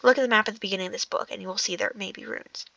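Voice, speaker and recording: A woman's voice: medium pitch, rapid-fire, vocal fry, bright, forceful tone, no room sound. A woman voicing a stern, commanding old male wizard in a storybook reading, often repeating words as she corrects herself. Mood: explaining. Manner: stumbling, self-correcting reading. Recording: dull lo-fi recording.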